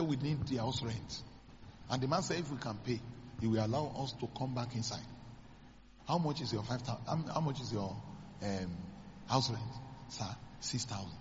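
A Nigerian man, a pastor, preaching a sermon as dramatic storytelling, acting out the dialogue with sudden high exclamations. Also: a little mellow, big-room sound, lo-fi sound, a little hiss or hum.

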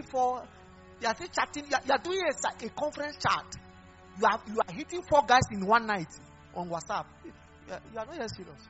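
Pastor, male, animated sermon delivery, swoops high and low. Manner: animated, mixing Pidgin, laughing and exhorting. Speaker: preacher. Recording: dull lo-fi recording with faint music.

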